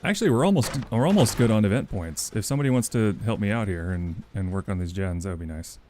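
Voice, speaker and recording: A male streamer gives casual commentary on his game, teasing other players in a playful way. His pitch leaps and dips all over. A faint hum of noise sits behind his voice. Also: animated, fast, dark tone. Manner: playful teasing, sudden bursts of laughter.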